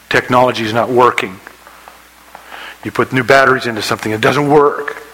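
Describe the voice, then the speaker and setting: A man preaching a sermon, telling a story with rising excitement and dropping to a hush for quoted prayers. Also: brisk, a little hiss or hum, poor audio. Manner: storytelling preacher, acts out scenes with rising pitch. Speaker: pastor.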